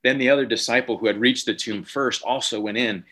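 A man's voice: medium pitch, fairly even intonation, a little fast, bright, forceful tone. A man in his thirties, a pastor preaching an Easter sermon over a video call, telling a family story in a conversational way before reading Scripture aloud.

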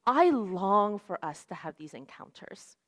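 A woman's voice: medium pitch, sing-song, measured pace, fairly bright tone. A young woman preaching a sermon in an earnest, conversational way, with lots of "like" and "right?". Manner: casual, earnest, fillers like "like" and "right?".

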